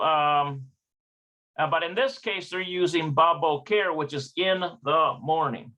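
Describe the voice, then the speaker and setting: Fairly high and bright with a pushed quality, this man's voice carries a study session where he thinks aloud. As a language learner teaching from a textbook, he sounds out words with hesitation and keeps self-correcting.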